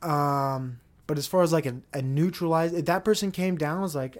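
Brief solo podcast host, male, slightly higher pitch than most men, loose rambling monologue, swears freely, jokey. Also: fairly quick, few pauses.

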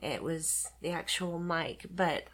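A woman co-hosts a podcast in easy, chatty conversation. Her voice sits on the lower side and sounds tired and stuffy from allergies. Gravel and vocal fry run through her speech. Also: takes it slowly, a bit bright. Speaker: podcast co-host. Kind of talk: casual chat.

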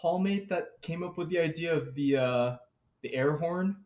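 A man's voice: on the high side, normal speed, a little mellow. A young adult man co-hosting a podcast, telling a story casually, hesitant and laughing often. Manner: laughs through his story, hesitant with fillers. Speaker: podcast co-host.

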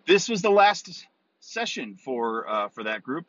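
A man at a middle pitch hosting his own podcast in a loose, rambling manner, full of ums and restarts. The recording is a little muffled and very dry. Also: sing-song, measured pace, a bit bright, no echo. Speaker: podcast host. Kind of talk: casual solo podcast talk.

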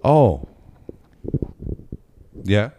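A man's voice: on the low side, sing-song, drawn-out words, noisy background. A man hosting a podcast in casual chat, rambling and stammering as he talks. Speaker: podcast host.

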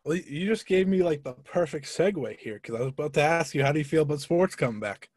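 A man's voice: fairly high pitch, lively intonation, darkish tone, breathy edge, no room sound, clean studio sound. A man in his twenties chatting casually on a podcast, often stumbling and repeating words as he tells stories. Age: 20s. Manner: halting, repeats words, laughs through stories.

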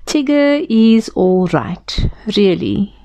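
A woman's voice: fairly high pitch, sing-song, slow pace, no room sound, pitched above the performer's own voice, exaggerated voice. A woman voicing a small, nervous male piglet in a storybook reading. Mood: timid. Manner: nervous, timid.

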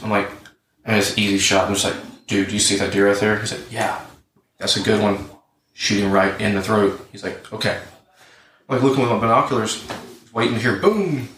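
A young man in his twenties, a podcast co-host and hunting guide, telling a story casually with lots of profanity and acted-out dialogue. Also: fairly low pitch. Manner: profane, animated storyteller acting out both sides. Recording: roomy, distant mic with faint noise.

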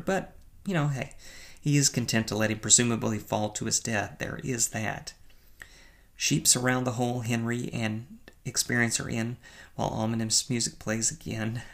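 A man's voice: medium pitch, vocal fry. A man giving a casual, wry film review, teasing himself and chuckling. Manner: wry, playfully self-mocking, with chuckles and stumbles. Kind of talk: casual movie review commentary.

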